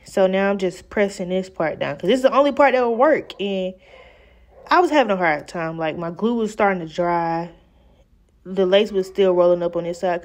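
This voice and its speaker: A woman's voice: medium pitch, a little mellow. A young woman talking through a wig install in a casual, exasperated vlog style, chatting straight to her viewers. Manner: exasperated, chatty, addresses viewers as girl and y'all. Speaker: beauty vlogger. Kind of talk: casual talk-through hair tutorial. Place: home room at a mirror.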